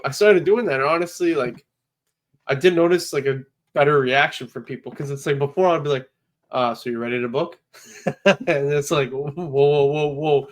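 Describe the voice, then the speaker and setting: A man's voice: medium pitch, a bit bright. Easygoing man on a podcast. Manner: easygoing, agreeable, laughs while retelling customer reactions. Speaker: podcast co-host. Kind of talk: casual podcast chat.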